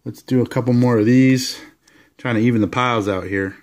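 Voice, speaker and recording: Man, casual card-showing vlog, rambling, relaxed, enthusiastic asides, medium pitch. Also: a little fast. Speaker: card collector showing his collection.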